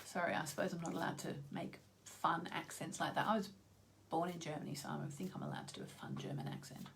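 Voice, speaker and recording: A woman's voice: sits low, fairly even intonation, fast, creaky, a little hiss or hum. A woman astrologer talking to her viewers in a casual, rambling vlog, full of asides. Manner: chatty, rambling, many asides. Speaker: astrologer hosting her own channel.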